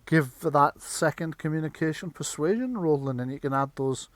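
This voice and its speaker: A man's voice: a little high, moderate pace, no room sound. Laughing game master man. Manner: laughs often, chatty. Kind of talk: running a tabletop game.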